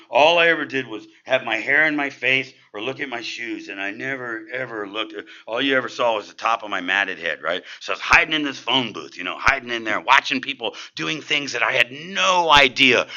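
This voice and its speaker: A middle-aged man speaking at a recovery meeting, telling his own story in an animated, street-casual way. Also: medium pitch, highs cut off. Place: meeting room.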